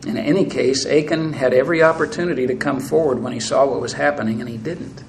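A man's voice: mid-range voice, fairly even intonation, fast talker, a little hiss or hum, low-quality recording. A man preaching a sermon, earnestly reading scripture aloud and addressing the congregation as brethren. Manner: earnest, reads scripture aloud with rising intensity.

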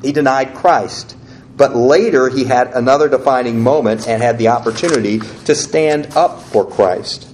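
A male preacher giving a sermon in an even, mid-pitched voice. He teaches conversationally, walking listeners through the passages as he reads. A faint background hiss sits behind his voice. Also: normal speed. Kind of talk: sermon with scripture reading.

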